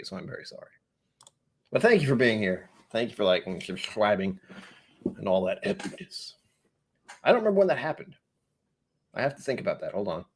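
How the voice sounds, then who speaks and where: Speaking on the low side with a breathy edge, this whiskey channel host chats through his live stream in a New England accent. He's easily sidetracked and pokes fun at himself.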